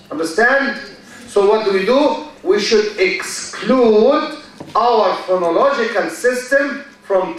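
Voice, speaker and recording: A man giving a university lecture in a large hall, speaking slowly, repeating key phrases and quizzing his students. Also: sits high, fairly bright tone. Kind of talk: classroom lecture. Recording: echoey hall from far off.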